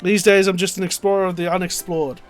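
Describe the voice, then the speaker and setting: A man's voice: sits high, flat delivery, quick pace, faint music behind, natural voice. A man doing a roguish old gladiator. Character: roguish charming older male ex-gladiator explorer.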